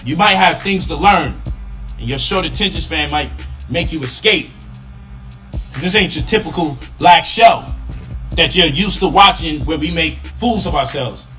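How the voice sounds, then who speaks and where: A man's voice: on the high side, animated, moderate pace, pushed and bright, soft background music, poor audio. A man giving emphatic, lecturing commentary on a live online show.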